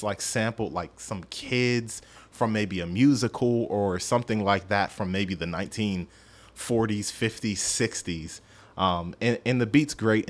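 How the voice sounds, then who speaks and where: A man hosts a casual podcast music review in a somewhat low voice. He rambles and pokes fun at himself, often stumbling over his words as he goes. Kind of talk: casual solo review chat.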